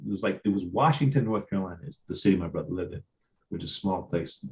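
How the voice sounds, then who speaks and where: Lower-voiced Midwestern man hosting. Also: fast talker, a little mellow. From Ohio. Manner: chatty storyteller, stammers and repeats. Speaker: host. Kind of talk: casual interview chat.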